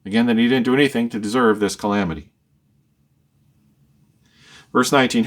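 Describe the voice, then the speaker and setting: A man's voice: mid-range voice, fairly quick. A man leading a verse-by-verse Bible study, reading each verse and then explaining and rephrasing it. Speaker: Bible teacher.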